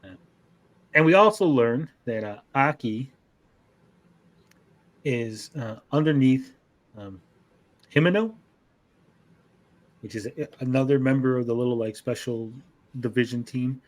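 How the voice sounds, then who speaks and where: A man's voice: mid-range voice, unhurried, pauses often. A man co-hosting an anime podcast, casually recapping episodes in a rambling, profane way and acting out characters' lines.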